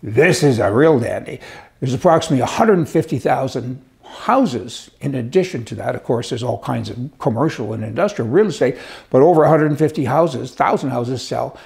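A man's voice: medium pitch, animated, a little fast, vocal fry, darkish tone. A man delivering a casual, sarcastic, exasperated monologue with chuckling asides. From Canada. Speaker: commentator.

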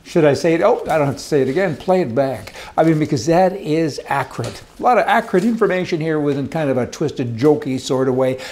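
A man delivers opinionated political commentary with a raised, higher-pitched voice. He rants emphatically, piling phrase on phrase and rambling off course. He talks indoors beside a fireplace. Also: expressive, a little fast, few pauses, a little mellow, slight background noise.

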